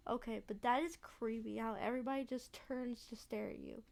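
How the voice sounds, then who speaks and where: Chatty woman with a gravelly voice. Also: a little high, steady tone, fairly quick, a little mellow. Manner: chatty, lots of "like", blunt reactions. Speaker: let's play gamer. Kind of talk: casual gameplay commentary.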